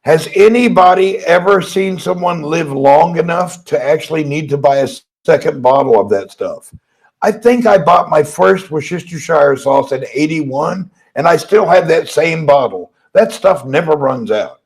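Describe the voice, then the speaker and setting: A man's voice: fairly high pitch, expressive, moderate pace, darkish tone, rough recording. An American man co-hosting a casual live chat, chatty and joking. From United States. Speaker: co-host.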